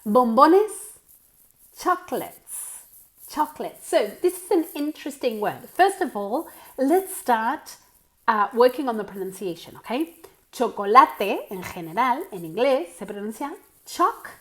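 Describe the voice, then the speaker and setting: A woman's voice: fairly high pitch, big pitch swings, measured pace, a bit bright. An Australian woman teaching English to Spanish speakers in an online lesson, explaining vocabulary patiently, often checking in with "okay?" and switching into Spanish.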